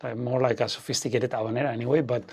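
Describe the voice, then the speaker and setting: A man's voice: medium pitch, fairly even intonation, rapid-fire, vocal fry. A man teaching an online guitar masterclass, explaining rhythms with frequent fillers and "okay?" check-ins.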